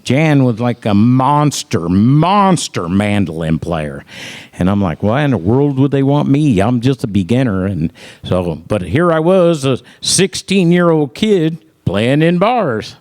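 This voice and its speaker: A man's voice: mid-range voice, big pitch swings, measured pace, darkish tone. A middle-aged man telling stories about his music career in casual talk, acting out other people's lines in raised voices and laughing often. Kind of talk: casual storytelling.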